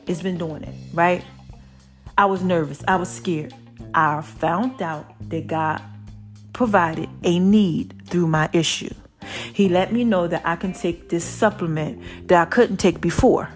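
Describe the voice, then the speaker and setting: A woman hosting a casual motivational podcast, short of breath, chatty and preachy, now and then breaking into song. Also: mid-range voice. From Brooklyn. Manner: preachy, chatty, sings snatches. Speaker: podcast host.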